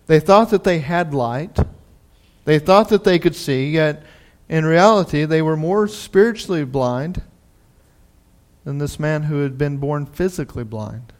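Brief: male pastor, conversational sermon delivery, high-pitched. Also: a little slow. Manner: conversational, animated storytelling. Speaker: preacher.

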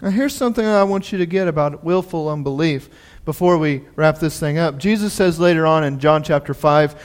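Brief: male pastor, conversational sermon delivery, high-pitched. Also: a little fast. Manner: conversational, animated storytelling. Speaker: preacher.

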